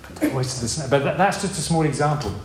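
A man's voice: fairly high pitch, fast talker, slight background noise. A man preaching an informal sermon in a conversational, rambling way, with many restarts and asides. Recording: roomy hall with faint ambience.

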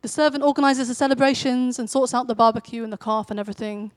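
Woman giving a sermon, chatty storytelling, higher voice, dry close sound. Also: quick pace, dry recording. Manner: conversational storytelling, animated when quoting. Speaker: preacher.

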